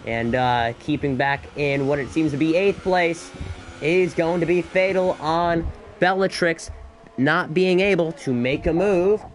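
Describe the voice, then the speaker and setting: A man doing solo live commentary on an esports race, excitable and a bit out of breath, with chatty asides between the action. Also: fairly high pitch, a little slow, a little hiss or hum. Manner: excitable, rising to shouts in battles, chatty asides.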